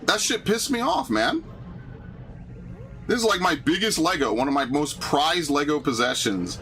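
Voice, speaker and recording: A man streaming a video game, chatting casually and ranting with lots of swearing, his pitch jumping up when he gets indignant. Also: noisy background. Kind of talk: casual chat while gaming.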